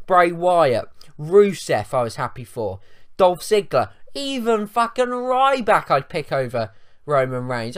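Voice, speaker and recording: Ranting young man, slightly high voice. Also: fairly bright tone. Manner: blunt and swearing, lots of ums. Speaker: wrestling show reviewer. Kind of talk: ranting video review.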